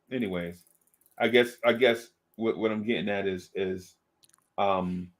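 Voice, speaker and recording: A man hosting a casual chat, rambling and slangy, with lots of restarts. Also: lowish voice. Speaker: host.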